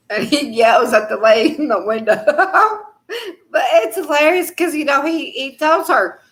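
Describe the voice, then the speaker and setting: Chatty higher-voiced woman. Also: measured pace. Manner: chatty, laughs often, trails off with fillers. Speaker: live chat host. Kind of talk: casual rambling chat.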